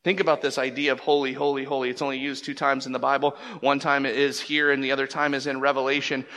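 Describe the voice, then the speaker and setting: A man's voice: mid-range voice, flat delivery, fast talker. Emphatic preacher man in an echoing hall. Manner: emphatic, swings between loud bursts and hushed lines. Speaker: pastor. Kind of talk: sermon. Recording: long reverb of a large hall.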